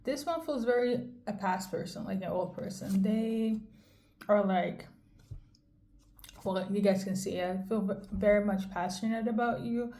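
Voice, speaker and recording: A woman's voice: mid-range voice, a little slow, warm tone. A woman giving a casual tarot reading straight to the viewer, chatty and candid, checking in with "okay?" as she goes. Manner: chatty, addresses viewer directly, frequent "okay?" check-ins; conversational and candid, occasional swearing. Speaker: tarot card reader. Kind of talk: casual intuitive card reading to camera.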